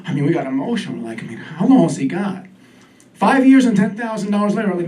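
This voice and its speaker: A man doing a stand-up comedy set, chatty and self-deprecating, in a high voice. He sounds set back from the microphone, and a live club crowd laughs around him. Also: lively intonation, fast talker. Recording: distant stage mic with crowd. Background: audience laughter.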